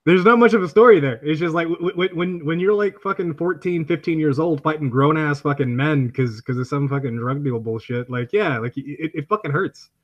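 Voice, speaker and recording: A man's voice: a little high, fairly quick, hardly any pauses, muffled recording. Male podcast guest, crude, blunt, stumbles on restarts. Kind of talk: casual chat.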